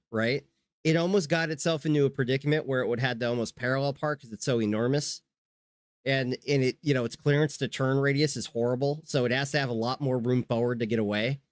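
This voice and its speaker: A man talks on a live stream in loose, rambling sentences, dropping curses and circling back as he restarts his thoughts. His voice sits at an ordinary middle pitch. The sound is close and dry, with no room echo at all. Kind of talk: casual chat.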